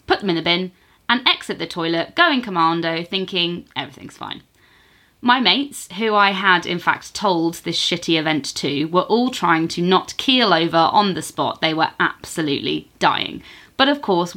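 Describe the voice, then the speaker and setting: A woman co-hosting a podcast who chats casually and reads a listener's story aloud with animated, giggly delivery. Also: lowish voice. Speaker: podcast co-host.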